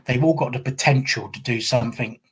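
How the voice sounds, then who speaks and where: Husky English man telling wrestling stories. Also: medium pitch, a little fast. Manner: rambling, self-deprecating anecdotes with repeated restarts. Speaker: guest, retired pro wrestler. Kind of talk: conversational storytelling.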